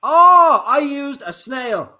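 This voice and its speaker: A man's voice: very high-pitched, very animated, slow pace, bright, forceful tone. A man improvising a comedy scene, fumbling and hesitating through a guessing game.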